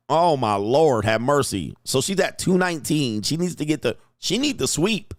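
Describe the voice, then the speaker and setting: Young guy streaming, thinking out loud all hyped, dry close mic. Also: on the high side, moderate pace, few pauses, no echo. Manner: thinks aloud, excitable, laughs often. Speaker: livestream host. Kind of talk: casual live commentary.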